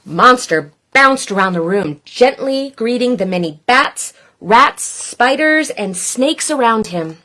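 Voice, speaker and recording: A woman with a fairly high voice reads a children's picture book aloud as a storyteller. She's playful and expressive, taking it slow and deliberate.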